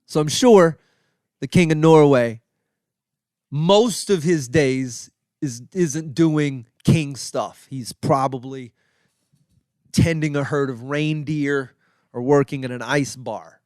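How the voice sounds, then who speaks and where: A man hosting a comedy podcast, riffing sarcastically in a rambling, profane monologue full of restarts and sudden high exclaims. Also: slow, a little mellow, dry recording, studio quality. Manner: jumps into high exclaims for emphasis. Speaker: podcast host.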